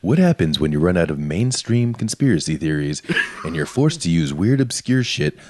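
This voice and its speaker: A man's voice: deep voice, sing-song, moderate pace, darkish tone, slight background noise. A man co-hosting a comedy podcast, reading out questions and teasing with wisecracks. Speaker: co-host asking listener questions. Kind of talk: casual comedic chat.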